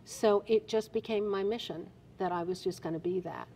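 A middle-aged woman from New Jersey, telling stories as an interview guest in an animated, emphatic way. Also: medium pitch, moderate pace, a little hiss or hum. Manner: animated storyteller, expressive and emphatic. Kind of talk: casual interview chat.

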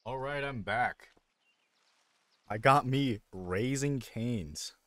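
A man's voice: mid-range voice, slow pace, a bit bright, no echo, studio quality. A young man casually commenting on his own video game stream, rambling and poking fun at himself as he thinks aloud into a desk microphone. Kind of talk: casual live gameplay commentary.

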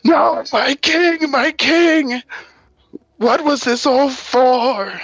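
Guy putting on a squeaky sobbing traitor, all panicky and pleading, game voice, dull dry audio. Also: measured pace, a bit bright, no room sound. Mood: weeping. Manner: high strained pleading, sobbing. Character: panicky cowardly male traitor, shrill and weepy.

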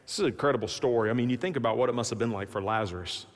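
A man's voice: medium pitch, racing. A man preaching a sermon as pastor, telling the story dramatically and acting out the voices of its people. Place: large church sanctuary. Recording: long reverb of a large hall.

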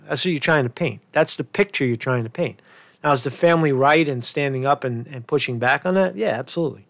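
A man's voice: fairly high pitch, lively intonation, brisk, gravelly, a bit bright, no room sound, studio quality. A man hosting a news commentary show, reading reports and arguing with rhetorical questions in a rambling manner.

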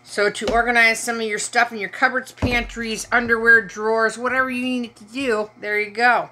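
Chatty middle-aged woman from Michigan, playful asides, bright voice. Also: fairly high pitch, level tone, moderate pace, a little hiss or hum. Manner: chatty, joking asides to viewers. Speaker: haul vlogger. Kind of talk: casual haul chat to camera.

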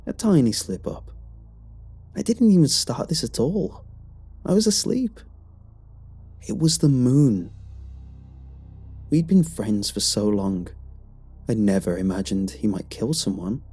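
A man reading a horror story aloud in a slow, brooding delivery with sudden rises. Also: mid-range voice, warm tone, husky. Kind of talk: scripted horror narration.

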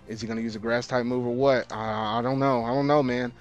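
A man hosting a let's play of a video game, grumbling in casual slang and breaking into loud, exasperated outbursts as the battle turns against him. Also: mid-range voice, little pitch movement, brisk, dull audio, faint music behind. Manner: casual slang, repeats himself. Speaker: gaming video host.

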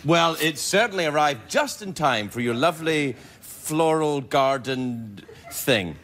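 A man's voice: a little high, lively intonation, a bit bright. A man with a Scottish accent hosting a late-night talk show, bantering and teasing his guest in a playful way. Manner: teasing, playful, quick asides. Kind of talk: joking studio banter. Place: TV studio with live audience.

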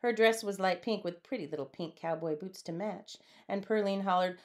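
A woman's voice: medium pitch, normal speed, hardly any pauses. Woman reading a storybook aloud. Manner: lively, puts on voices for characters. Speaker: storybook reader. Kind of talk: read-aloud storybook narration.

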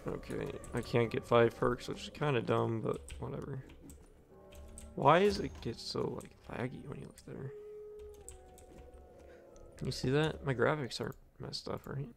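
A man's voice: medium pitch, a little slow, gravelly, long pauses. A young man giving casual, profane commentary as he plays a video game, talking offhand to himself. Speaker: gaming commentator.

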